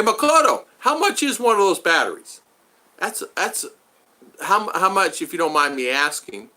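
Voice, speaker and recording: A man hosts a relaxed livestream, rambling and greeting his viewers one by one. His voice sits a little high and sounds bright, and his pitch swings in a lively way. He tends to repeat words while he chats. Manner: rambling, chatty, repeats himself, addresses viewers by name. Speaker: livestream host reading chat. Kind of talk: casual livestream chat. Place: home in the Philippines.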